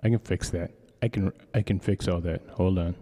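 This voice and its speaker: A deep, dark-toned man chats loosely on his live stream, wandering from thought to thought and joking as he goes. He keeps adding a playful "eh" to his lines. His voice trails off into a long reverb. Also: steady tone, moderate pace, a little hiss or hum. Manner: rambling, jokey, tacks on a mock-Canadian "eh". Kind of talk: casual live stream chat. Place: home studio.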